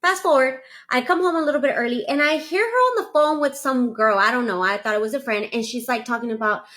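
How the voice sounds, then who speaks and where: A woman casually telling a personal confession, animated and acting out the dialogue of everyone involved. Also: on the high side, fast. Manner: animated, quotes herself and others. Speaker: storyteller sharing a confession. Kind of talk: casual storytelling.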